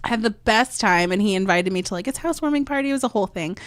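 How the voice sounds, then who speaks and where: A woman's voice: medium pitch, animated, racing, no room sound. A young woman guest chatting on a podcast, telling a story with lots of "like" and acting out other people's lines. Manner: filler-heavy "like" speech. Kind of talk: casual chat storytelling.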